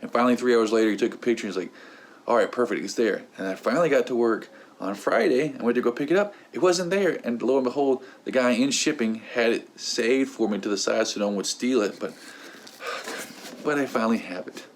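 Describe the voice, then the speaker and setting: A man's voice: mid-range voice, brisk. A young man hosting his own channel, telling a long rambling story in a casual unboxing vlog. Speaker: host.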